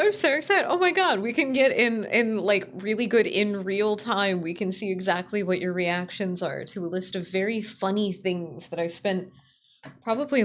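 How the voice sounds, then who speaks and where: A woman streaming live as a VTuber, chatting casually, excitable and giggly, swearing freely. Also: fairly low pitch, gravelly.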